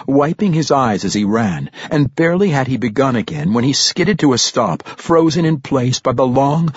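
Man, husky voice, audiobook narration, measured and dramatic, dry dull recording. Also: mid-range voice, no room sound. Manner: measured, dramatic storytelling that lifts for tense moments. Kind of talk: scripted fantasy audiobook narration.

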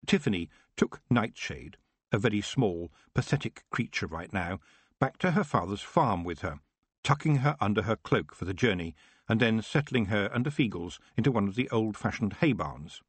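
A man narrating a fantasy audiobook in an expressive storytelling manner, with a husky voice. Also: on the low side, moderate pace, dry recording. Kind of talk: scripted narration.

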